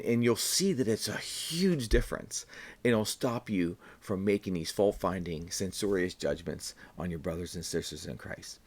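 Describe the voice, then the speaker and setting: Guy with a lowish voice doing a quick bible devotional, earnest, plain talk, repeats his points for emphasis. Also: husky. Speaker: Bible teacher. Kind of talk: short devotional teaching.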